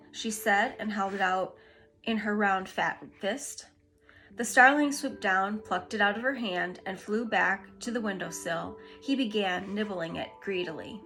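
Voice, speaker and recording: A woman reading a classic children's book aloud, gently and expressively. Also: mid-range voice, normal speed, faint music behind. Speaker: storybook reader.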